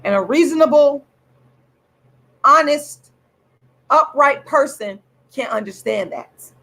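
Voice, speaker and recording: A woman angrily ranting straight to camera as host of her own channel, swearing and repeating herself with drawn-out, emphatic words. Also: high voice, animated, a bit bright, low-quality recording. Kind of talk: angry direct-to-camera rant.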